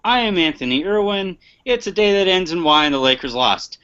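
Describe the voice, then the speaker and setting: Heard through a muffled, lo-fi online stream, this sports podcast host has a smooth, fairly bright, high-sitting voice and talks briskly and animatedly. He jokes, laughs often and trips over repeated words.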